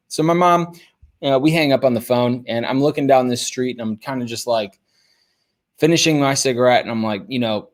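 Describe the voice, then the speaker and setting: Young male podcast host; casual, animated storyteller. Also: mid-range voice, moderate pace. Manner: casual, animated, lots of fillers.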